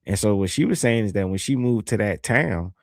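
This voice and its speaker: A man's voice: fairly low pitch, lively intonation, brisk, gravelly, no echo, clean studio sound. A man hosting a livestream, telling a story in a laid-back, rambling way and reading viewer comments aloud. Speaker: livestream host. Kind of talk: casual livestream chat.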